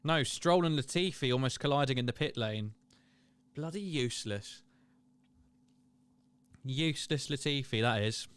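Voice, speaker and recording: A man's voice: mid-range voice, brisk, few pauses, fairly bright tone, smooth. A man hosting a casual live watchalong, chatting and reading viewer comments aloud. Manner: chatty, reads chat aloud, laughs and exclaims. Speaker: livestream host.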